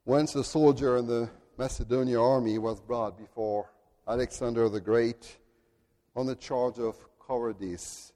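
A male pastor preaching a sermon in a large church, emphatic, building up to loud declarations. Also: medium pitch, fairly even intonation, a little slow. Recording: long reverb of a church hall.

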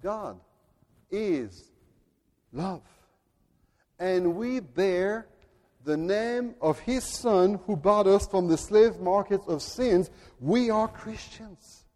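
A male pastor preaching a sermon in a large church, emphatic, building up to loud declarations. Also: high-pitched, slow. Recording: long reverb of a church hall.

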